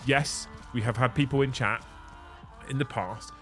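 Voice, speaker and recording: A man's voice: medium pitch, normal speed, soft background music. A man hosting a hobby livestream, chatting casually with rambling, sweary banter. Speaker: livestream host.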